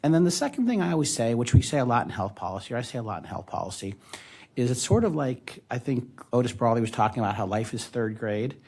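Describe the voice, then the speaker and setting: A man's voice: medium pitch, expressive, fast, hardly any pauses, darkish tone, breathy edge. A man speaks on a discussion panel in a mid-range voice. He explains his point patiently, leans on everyday examples and keeps a wry edge.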